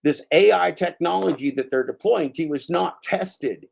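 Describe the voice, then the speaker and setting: Gravelly man ranting with profanity. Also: a little high, moderate pace. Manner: heated, profane, addresses a commenter by name. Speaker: channel host. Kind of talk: angry spoken rant.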